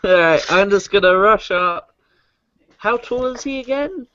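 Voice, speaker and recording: A man's voice: high voice, animated, unhurried, pushed and bright. A man playing a tabletop game, eager and chatty about his moves. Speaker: player. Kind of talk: casual tabletop play. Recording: muffled lo-fi mic.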